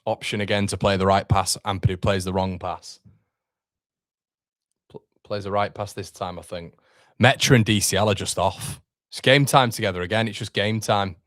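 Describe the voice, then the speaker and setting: Young man, live fan commentary, frustrated, swears, low voice, dry sound. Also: fairly even intonation, moderate pace, fairly bright tone, dry recording. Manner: frustrated, swearing, talks to chat. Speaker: fan watchalong host.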